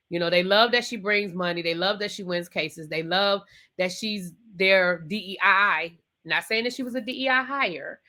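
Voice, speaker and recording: A woman's voice: mid-range voice, bright, forceful tone. A woman giving a chatty, opinionated recap of a TV episode, talking straight to her viewers. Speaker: TV show reviewer. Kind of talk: casual spoken recap and commentary.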